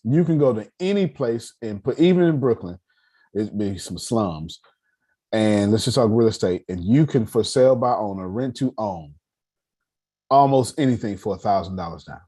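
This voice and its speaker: A man's voice: fairly low pitch, moderate pace, breathy edge. A man hosting an online meeting on personal finance, talking casually and animatedly, joking and calling on listeners. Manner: animated, calls on listeners, joking, lots of restarts. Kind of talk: casual teaching talk.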